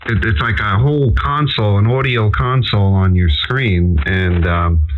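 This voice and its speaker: Low-voiced man over a tinny radio link. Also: moderate pace, a little hiss or hum. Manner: easygoing, chatty. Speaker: amateur radio operator. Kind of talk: casual ham radio chat.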